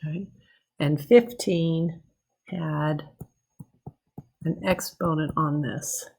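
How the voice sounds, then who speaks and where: A woman's voice: deep voice, steady tone, drawn-out words, vocal fry, mellow, husky. A woman teaching math in a recorded lecture, working through problems in a conversational way, checking in with "okay?" and correcting herself as she goes.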